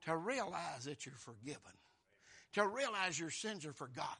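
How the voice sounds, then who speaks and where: A man, preaching a fervent sermon that keeps bursting into shouts. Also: sits high, expressive, moderate pace, vocal fry, slightly rough.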